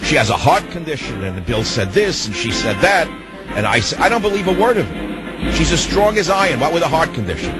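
A man's voice: a little high, very animated, brisk, over music, rough recording. A man hosting a political talk radio show, delivering an indignant, combative monologue full of rhetorical questions into a studio microphone.

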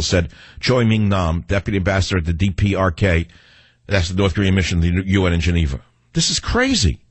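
A man's voice: sits low, husky, no room sound. A middle-aged man hosting a talk radio show, ranting combatively and taking calls. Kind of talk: talk radio monologue and call-in.

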